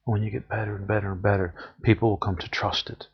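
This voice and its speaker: Husky, gravelly man giving an earnest spiritual talk. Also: fairly low pitch, flat delivery, fast. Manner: earnest, emphatic, repeats phrases for emphasis. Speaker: spiritual teacher. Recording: dull lo-fi recording.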